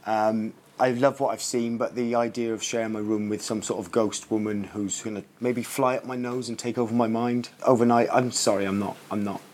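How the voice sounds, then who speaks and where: A man's voice: lowish voice, fairly even intonation, brisk, hardly any pauses, a little mellow, slight background noise. Dry-witted man in an echoey pub. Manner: dry, mock-earnest, self-mocking. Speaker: co-host. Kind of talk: comic ghost-hunt banter. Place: old pub at night. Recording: roomy echoey pub room.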